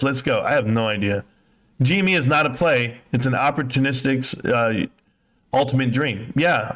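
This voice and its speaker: A man's voice: medium pitch, fairly bright tone. A man in his fifties hosting a live stream, chatting casually and crudely, joking and mocking as he reads comments. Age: 50s. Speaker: livestream host.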